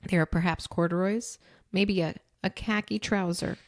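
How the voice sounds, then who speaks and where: A woman's voice: lowish voice, steady tone, moderate pace, no echo. A woman in her thirties with a mid-range voice, hosting a casual chat. She is chatty, laughs often, and sounds dry and close to the mic. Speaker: podcast host.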